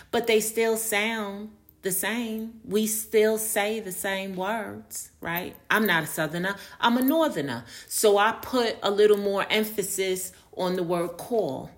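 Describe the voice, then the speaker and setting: Slow-talking earnest woman podcaster. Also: mid-range voice. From New York. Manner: earnest, explaining with restarts and fillers. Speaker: podcast host. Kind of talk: casual solo podcast monologue.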